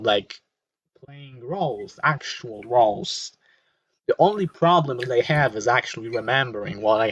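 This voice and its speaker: A man's voice: mid-range voice, dry recording. A young man co-hosting a casual podcast chat, joking crudely in a mock-sarcastic way. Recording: dull, dry lo-fi mic.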